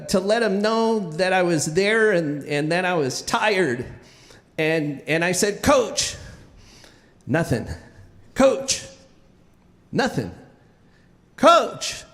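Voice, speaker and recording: A high-voiced man tells a funny personal story, taking his time and dropping in sound effects. His voice carries a long reverb, like a stage in a big hall. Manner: animated comic storytelling with sound-effect interjections.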